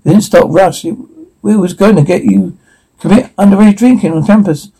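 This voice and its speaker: An actor playing an obsessive, lonely young man who lives in a cellar, talking softly with a creepy devotion and rambling restarts. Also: high-pitched, moderate pace, breathy edge, low-quality recording. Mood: preachy.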